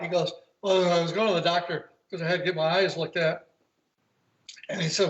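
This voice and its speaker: Speaking from home over a video call, an older golf commentator tells wandering anecdotes in a relaxed interview, voicing the people he quotes. He has a high-pitched, steady voice at normal speed, heard through roomy, muffled call audio.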